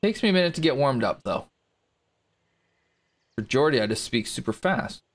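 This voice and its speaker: A man's voice: mid-range voice, big pitch swings, normal speed. A man casually commentating his golf video game play, reacting to shots and talking to viewers in chat. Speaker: gaming streamer.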